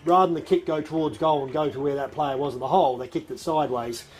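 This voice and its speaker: A man's voice: on the high side, fairly even intonation, quick pace. A man with an Australian accent giving opinionated, analytical colour commentary at a local football match. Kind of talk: live sports commentary.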